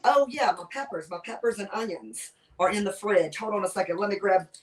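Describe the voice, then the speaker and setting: A woman's voice: mid-range voice, expressive, brisk, a little hiss or hum, rough recording. A woman with a Southern US accent, a guest chef chatting her way through a cooking demonstration on a video call and narrating each step with enthusiasm. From Southern United States. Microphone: video call microphone.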